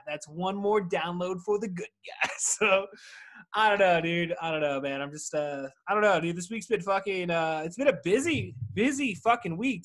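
Male podcast host, thirties, slightly high voice, laid-back profane rambler. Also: fairly bright tone. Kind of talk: casual solo podcast monologue. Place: at home.

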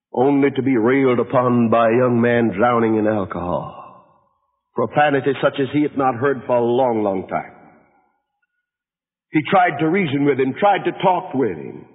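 A male pastor telling a story in a dramatic sermon in a large church hall. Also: mid-range voice. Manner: dramatic, dynamic delivery. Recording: tinny lo-fi audio, long hall reverb.

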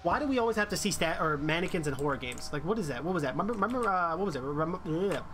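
A man streaming a horror game live, reacting excitably and reading on-screen text aloud. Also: on the high side, fast talker, slight background noise. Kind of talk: live horror gameplay commentary. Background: game music.

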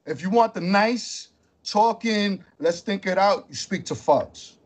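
A man's voice: sits high, lively intonation, unhurried, slightly rough. A man hosting a podcast, talking bluntly and confrontationally with streetwise slang. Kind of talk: heated podcast conversation.

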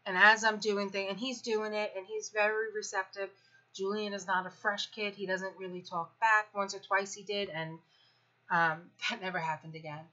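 A woman in her fifties tells a personal story in a frank, sarcastic way, swearing freely as she goes. Her voice is bright and forceful, with a sharp edge on the stressed words. The recording is dull and lo-fi, with the top end muffled. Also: medium pitch, little pitch movement, moderate pace. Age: 50s. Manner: blunt, profane, sarcastic storytelling. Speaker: parenting vlogger. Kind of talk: candid personal venting.

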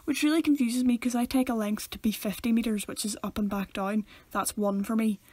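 Young woman, podcast co-host, bright higher voice, dry close mic, giggly chat. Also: steady tone, brisk, husky, no echo. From Northern Ireland. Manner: chatty, giggly, slips into voices when telling stories. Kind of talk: casual chat.

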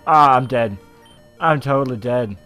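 A young man giving casual, excitable, profane let's-play commentary over a video game, shouting when frustrated. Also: mid-range voice, unhurried. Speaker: gaming YouTuber. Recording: faint game music behind.

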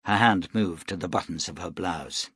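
Husky low-voiced male audiobook narrator. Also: moderate pace, a bit bright, dry recording, clean studio sound. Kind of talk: scripted narration.

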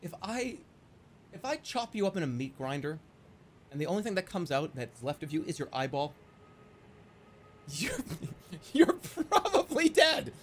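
A man streaming live, chatting casually and reading viewer stories aloud in an excitable, jokey way. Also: sits high, unhurried, pauses often, a little hiss or hum. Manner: excitable, jokey, prone to laughing fits. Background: faint music.

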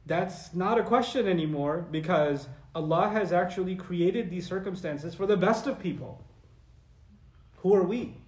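A man preaching a lecture-style sermon in a conversational, animated way, sometimes reciting Arabic. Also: high voice, unhurried, echoey room. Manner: animated and conversational, acting out quoted voices; recites Arabic verses and sources. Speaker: Islamic preacher.

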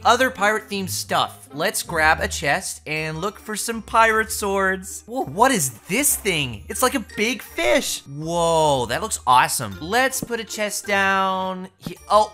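Bubbly woman gaming host, bright tone, excited commentary, soft music underneath. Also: mid-range voice. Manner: bubbly, gasping, quick exclamations.

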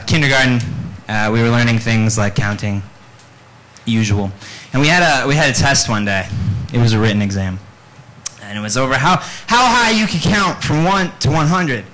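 Animated young man doing stand-up. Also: mid-range voice, moderate pace, poor audio. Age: young adult. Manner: deadpan storytelling with animated quoted lines. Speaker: stand-up comedian. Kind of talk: stand-up comedy set. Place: live venue with audience. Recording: faint background noise, live stream.

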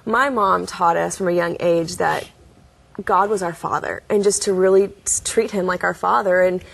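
A woman's voice: lowish voice, steady tone, moderate pace, creaky, a bit bright, husky. A young adult woman, a guest in an interview, telling her story in an earnest way and acting out quoted voices. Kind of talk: interview testimony.

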